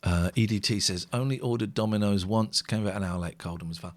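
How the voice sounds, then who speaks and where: A man's voice: lowish voice, fast, no echo. A man co-hosting a late-night live stream, chatting casually and reading out viewer comments in a wry way.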